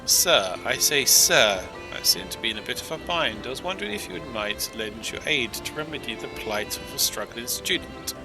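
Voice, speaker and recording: A man's voice: mid-range voice, lively intonation, normal speed, few pauses, lightly acted. A man voicing a prim, formal male student scholar in a video game, with fussy phrasing and game music behind. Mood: imploring.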